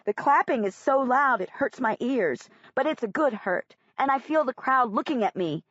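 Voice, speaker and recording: A woman narrates a first-person audiobook in a plain, earnest storytelling voice. The recording is close and dry with little room sound. Its tone is a touch dull in the highs. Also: animated, moderate pace, fairly bright tone, no echo.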